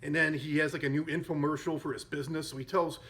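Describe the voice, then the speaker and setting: A man retells a comedy film in a casual podcast chat, using lots of fillers and correcting himself often. His voice is fairly high and fairly bright, quick in pace and showing little pitch movement.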